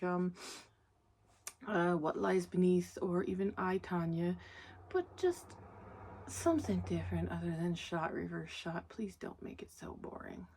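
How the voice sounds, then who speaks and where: A woman with a slightly low-pitched voice talks through a movie plot in a loose, chatty way. She swears freely, laughs at her own asides and wanders off on tangents before pulling herself back to the story. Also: mellow, slight background noise. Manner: profane, candid, laughs often. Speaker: movie reviewer. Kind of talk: casual rambling movie recap.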